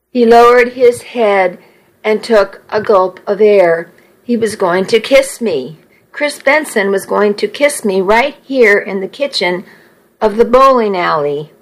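A woman reads a first-person romance audiobook at an unhurried pace, letting each sentence settle. Her pitch sits in a middle range and her delivery stays measured and even. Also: low-quality recording. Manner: slow, measured reading. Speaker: audiobook narrator.

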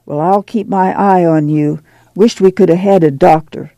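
A man voicing a determined middle-aged farm mother, talking firmly and briskly. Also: high voice, fairly even intonation, warm tone, dry recording, clean studio sound. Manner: firm, brisk, commanding.

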